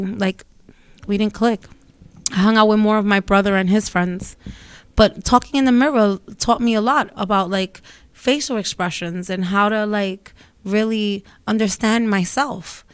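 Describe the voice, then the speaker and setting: A woman's voice: mid-range voice, smooth, no room sound, clean studio sound. A young woman, talking casually and bluntly to her viewers, rambling and swearing freely. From Dominican family in New York. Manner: blunt, profane, rambling storytelling. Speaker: vlogger. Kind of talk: casual monologue to camera.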